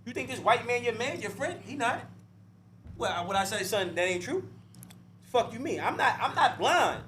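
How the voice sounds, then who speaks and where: Blunt, preachy man with a high voice. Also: animated, moderate pace, fairly bright tone, a little hiss or hum. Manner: blunt, profane and preachy, with frequent "right?" and "you see?"; repeats and restarts words when fired up. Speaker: interview guest. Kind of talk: heated podcast discussion.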